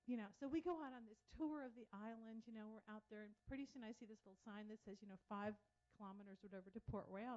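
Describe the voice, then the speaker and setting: Heard through dull, lo-fi audio, a woman speaking at a public talk chats her way through anecdotes, animatedly quoting other people. She talks quickly in a slightly high voice with hardly any pauses.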